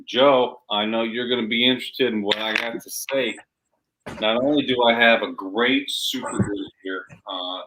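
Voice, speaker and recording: A man co-hosting a live comic shopping stream, pitching books and games with animated asides. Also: a little hiss or hum, rough recording. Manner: animated, acts out story voices. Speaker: co-host selling comics.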